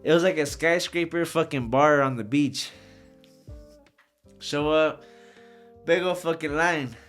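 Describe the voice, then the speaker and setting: A man's voice: fairly high pitch, measured pace, faint music behind. Profane, slangy man telling stories. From Socorro area. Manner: profane, slangy, animated anecdotes. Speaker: podcast guest, rapper. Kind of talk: casual storytelling.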